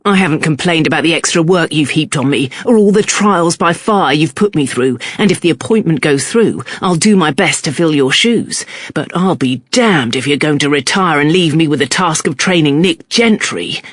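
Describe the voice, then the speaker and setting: A narrator voicing a gruff, surly male police chief in an audiobook, exasperated and blunt. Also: medium pitch, animated, normal speed, hardly any pauses, a bit bright, no echo, studio quality.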